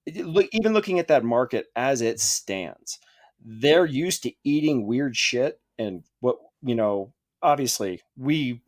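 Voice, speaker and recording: Animated, joking male podcast co-host. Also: mid-range voice, a little slow. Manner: joking, profane, thinking aloud. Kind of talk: casual chat.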